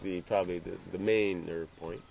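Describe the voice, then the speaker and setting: A man giving an informal scripture class. He speaks haltingly, restarting phrases and tagging lines with "you know". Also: deep voice, steady tone, creaky. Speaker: religious teacher. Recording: dull lo-fi with faint ambient hiss.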